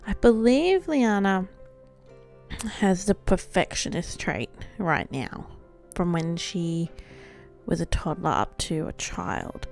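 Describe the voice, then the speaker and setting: A woman with a medium-pitched, darkish voice hosts a let's play, offering chatty, giggly, self-deprecating commentary on her game while faint music plays behind her.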